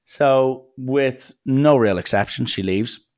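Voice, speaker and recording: A man's voice: medium pitch, slow. A young man telling a casual, rambling anecdote and acting out the people in it. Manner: lively, jumps into quoted voices, rambling asides. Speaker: storyteller.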